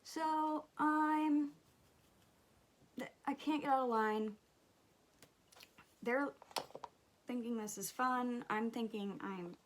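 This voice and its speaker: A young woman, chatting and telling a story while doing her makeup, animated and swearing casually. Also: on the high side, slow, long pauses, slight background noise. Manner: animated, swears casually, drops to whispers at times. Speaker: beauty vlogger.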